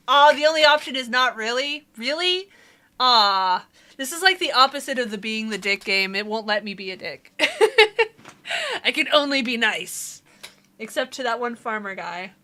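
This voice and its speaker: Young woman, bright and slightly high voice, playful let's-play host reading game dialogue aloud between jokes. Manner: playful, joking asides and frequent laughter. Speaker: streamer playing a game.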